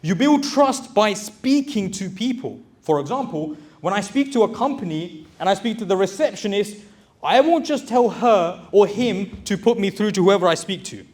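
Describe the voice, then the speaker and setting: Male, 30s, high voice, motivational speaker, plain-spoken and pushy. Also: lively intonation, normal speed. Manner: direct, exhorting, addresses audience as brothers. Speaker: motivational speaker and recruitment business owner. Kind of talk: motivational talk to a live audience.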